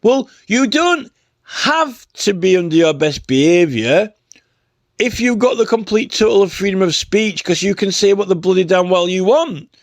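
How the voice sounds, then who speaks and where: A man's voice: high voice, animated, normal speed, dry recording. A man talking off the cuff in a rambling, sarcastic rant, full of "you know" and "right?". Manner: sarcastic, mocking. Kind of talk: casual spoken rant.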